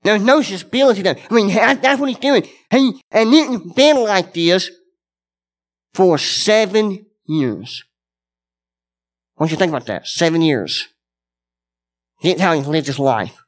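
A man's voice: high-pitched, animated, a little slow, pauses often. A man preaching a sermon, earnest and conversational, speaking directly to his congregation and repeating key words for emphasis.

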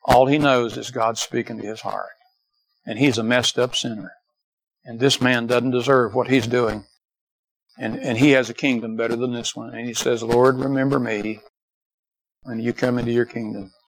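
An older man preaching a sermon as pastor, swinging from loud emphatic peaks down to quiet, low passages and repeating rhetorical questions to the congregation. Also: steady tone, normal speed, poor audio. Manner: repeats "Can I tell you" and asks for amens.

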